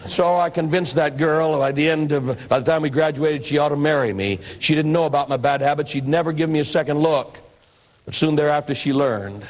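A man's voice: fairly high pitch, low-quality recording. Folksy older man telling his testimony. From northwestern United States. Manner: folksy storytelling, acts out quoted voices. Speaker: pastor and evangelist. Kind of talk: personal testimony sermon.

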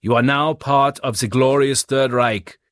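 A man's voice: medium pitch, fairly even intonation, unhurried, a bit bright, no room sound, clean studio sound, close to an everyday voice. A man doing a pompous German radio announcer. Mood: proclaiming. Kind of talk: audiobook character voice.

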